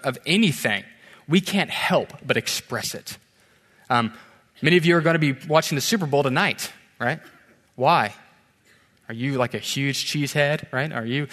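A male pastor preaching in a church sanctuary, his voice set a little high and bright as it rings through a long hall reverb. He talks in a lively, conversational way, throwing rhetorical questions at the congregation. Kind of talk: sermon.

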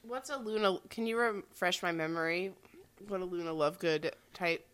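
A woman's voice: on the low side, normal speed, a bit bright, clear, resonant tone. A young woman co-hosting a podcast in casual chat, dry and teasing, with lots of "like" in her speech. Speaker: podcast co-host.

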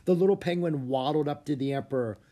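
A man narrating a children's book aloud with expressive storytelling. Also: a little high, fast talker. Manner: expressive, story-telling delivery. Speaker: audiobook narrator.

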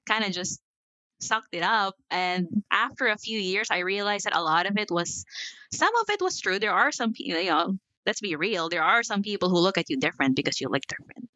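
Bright candid woman guest. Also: mid-range voice, animated, no echo, muffled recording. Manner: candid, talks in quick asides with frequent "like" and laughs. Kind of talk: casual podcast interview.

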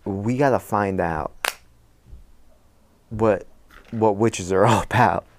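A man voicing Tony, a reckless, taunting teenage boy, in a low mocking drawl. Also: takes it slowly, slight background noise. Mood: eager.

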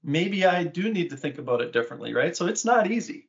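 A man's voice: high-pitched, sing-song, fast talker. A man hosting an interview, affirming and enthusiastic as he reflects back on his guest's stories. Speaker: interview host. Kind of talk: interview conversation. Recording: muffled lo-fi audio.

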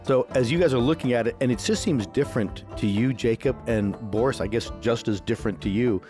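A man narrating a tabletop game as game master, slow and halting with many fillers. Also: mid-range voice, over music.

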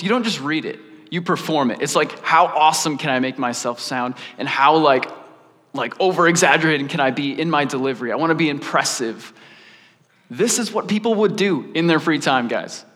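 Male preacher, fairly high voice, casual chatty sermon, long hall reverb. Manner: animated, laid-back, peppered with "like".

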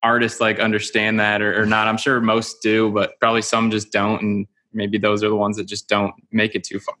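Host: man with a lowish, bright voice, easygoing rambling interviewer. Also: completely flat delivery, a little fast. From Chicago area. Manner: rambling, many "like" fillers. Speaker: podcast host. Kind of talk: casual podcast interview.

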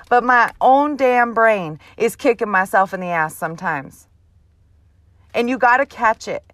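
A woman's voice: a little high, a bit bright, no room sound. A mother hosting her own show, delivering a blunt, profane, emphatic motivational monologue. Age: adult mother. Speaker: host.

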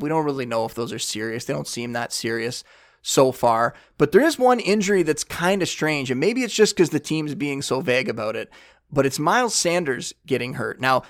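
A man hosting a casual sports podcast, talking through news and asking his guest questions. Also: medium pitch. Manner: conversational, relaxed analysis. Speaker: podcast host. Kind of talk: casual chat.

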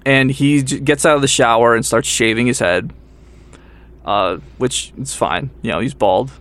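A man's voice: mid-range voice, moderate pace, a bit bright. A young man telling a story in casual podcast chat, acting out what people said, laughing often and swearing freely. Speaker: podcast co-host.

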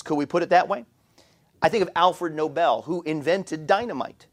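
A man preaching a sermon as pastor, often repeating words as he restarts phrases. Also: a little high. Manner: animated preaching with frequent stammered repeats. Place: church.

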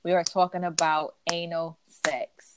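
A woman co-hosting a casual podcast chat, telling animated stories. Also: fairly low pitch, unhurried, background noise. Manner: chatty storyteller, animated retellings. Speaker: podcast co-host.

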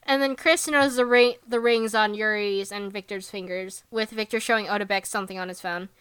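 A woman chatting casually as a podcast co-host, very animated, laughing often, filling her talk with "like" and acting out characters with sudden jumps in pitch. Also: a little fast, clear, resonant tone, dry recording. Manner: swears casually, lots of filler "like". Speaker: podcast co-host recapping an anime episode. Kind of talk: casual chat.

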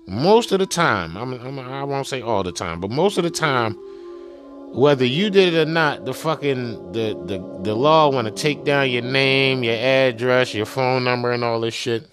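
A man's voice: mid-range voice, lively intonation, normal speed. A man talking loosely and profanely in a rambling casual monologue, full of fillers and repeated asides. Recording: music playing behind the voice.

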